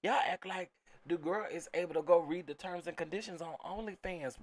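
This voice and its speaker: A man's voice: sits high, a little fast. Emphatic man in casual reaction commentary. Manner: emphatic, repeats phrases, talks straight to viewers as "y'all". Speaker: commentary channel host.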